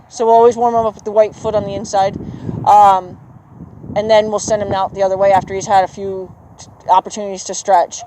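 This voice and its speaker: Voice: mid-range voice, dark tone, slight background noise, poor audio. Encouraging horse trainer coaching outdoors. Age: adult with children. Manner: encouraging, praises the horse often. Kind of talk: coaching a riding lesson. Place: outdoor arena.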